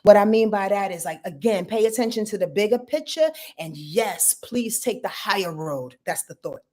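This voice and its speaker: A woman's voice: mid-range voice, lively intonation, moderate pace, darkish tone. A woman hosting a casual astrology forecast, brash and profane, playfully acting out quotes. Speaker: astrologer host.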